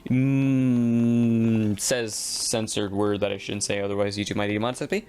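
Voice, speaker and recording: A young man telling a school story in a casual, rambling way while gaming, slipping into quick voiced quotes. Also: fairly low pitch, fairly even intonation. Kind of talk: casual storytime over gameplay.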